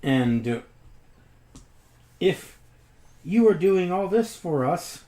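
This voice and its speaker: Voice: mid-range voice, big pitch swings, slow, warm tone. Jokey tabletop player in an echoey room. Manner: jokey, chuckling asides. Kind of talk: casual tabletop play.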